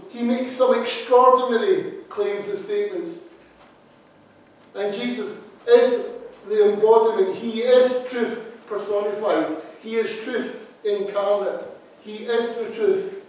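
Emphatic preacher in a very echoey church. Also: male voice, high voice, steady tone, a little slow, a little mellow. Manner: emphatic, repeats key phrases for stress. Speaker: associate minister. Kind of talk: sermon. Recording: very echoey hall, speaker far from mic.

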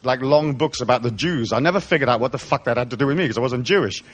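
A fast-talking man with a mid-range voice speaks live to an audience as a spiritual lecturer. Middle-aged, he was born in England and raised in Africa, and his style is a comic, profane, mocking rant with put-on voices.

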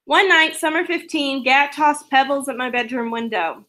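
A woman reads a novel aloud. Her voice sits somewhat high. She keeps a plain, steady pace and drops in casual asides. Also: moderate pace. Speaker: reader.

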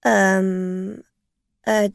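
A woman's voice: mid-range voice, little pitch movement, very slow, creaky, no echo, clean studio sound. A woman reading a storybook, voicing a tipsy, flustered woman driver who stammers and pleads.

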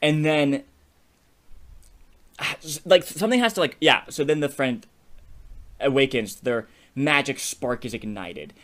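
A man co-hosting a podcast in a loose, animated brainstorming chat. His voice sits at an ordinary middle pitch, and he laughs often as he rushes through ideas, checking in with his partner as he goes. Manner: animated, laughs often, keeps saying "you know what I mean". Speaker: podcast co-host. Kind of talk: casual creative brainstorming chat.

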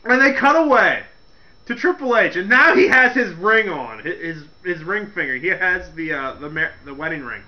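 A man hosting a casual comedic rant, laughing as he retells events in an animated way. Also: high-pitched, moderate pace, lo-fi sound. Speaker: wrestling commentary host.

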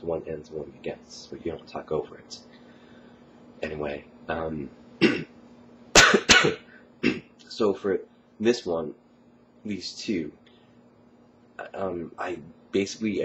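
A man's voice: low voice, a little hiss or hum. A young man who has a cold, coughing now and then as he rambles casually late at night with many ums and uhs. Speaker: college student vlogger. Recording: slightly muffled recording.

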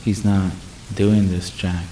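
Man reading as a battered, defeated man, faint strained voice, low and flat, soft rain noise behind. He reads it as part of the narration. The voice stays in a dark horror-story register. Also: takes it slowly, roomy sound, distant mic, low-quality recording. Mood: weak, grim. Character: weak, badly beaten adult man, defeated.

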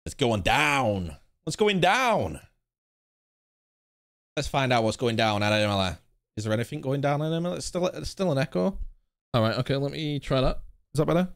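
A man's voice: medium pitch, animated, normal speed, pauses often, a bit bright. A young man hosting a racing live stream, chatting in a rambling, casual way with his viewers. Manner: rambling, chatty, talks to chat. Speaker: sim racing streamer host.

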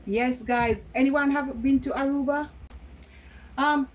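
High-voiced Jamaican woman chatting casually. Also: steady tone, takes it slowly, rough recording. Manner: chatty, laughing, switching into patois. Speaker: vlogger. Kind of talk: casual home vlog chat.

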